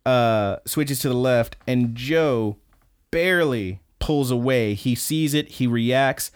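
A man co-hosting a podcast, casually recapping events in an excited play-by-play with some swearing. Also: medium pitch, no room sound. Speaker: podcast co-host.

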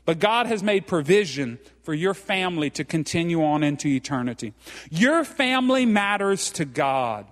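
A man's voice: a little high, expressive, normal speed, fairly bright tone. A middle-aged man preaching a folksy sermon, often checking in with "okay?" and calling the congregation "guys". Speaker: pastor. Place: church sanctuary. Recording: long hall reverb.

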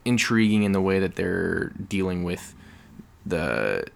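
A man with a very low, gravelly voice hosts a casual podcast chat. He explains things in long, rambling turns and slips in jokes as he goes. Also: sing-song, measured pace. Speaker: podcast host.

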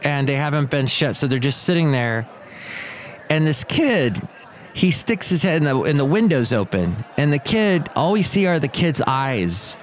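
A man's voice: fairly high pitch, big pitch swings, moderate pace. A man in his fifties from Southern California, hosting a podcast and rambling through casual stories with many asides. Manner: rambling, digressive storytelling with asides. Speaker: podcast host. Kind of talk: casual monologue.

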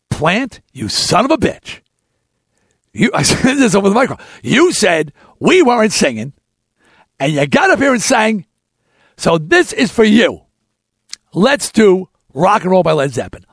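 A man in his sixties hosting a talk show, telling a long story in an animated, ranting way and acting out other people's lines. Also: fairly high pitch, gravelly, slightly rough, no room sound, studio quality. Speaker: podcast host telling a story.

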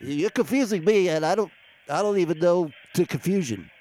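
A man's voice: sits high, animated, normal speed, warm tone. A man chiming in as podcast co-host, flustered and defensive. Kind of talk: casual podcast banter.

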